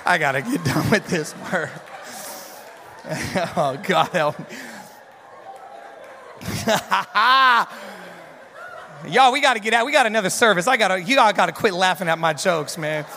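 A man preaching as a guest pastor, joking and animated. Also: sits high, measured pace, long pauses, in a large hall, a little hiss or hum. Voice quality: animated, joking, loud storytelling. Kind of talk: sermon.

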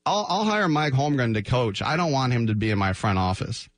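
A man hosting a sports talk radio show, animated and jokey, often slipping into quick mock voices. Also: mid-range voice, dry recording. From San Francisco Bay Area. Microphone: studio microphone.

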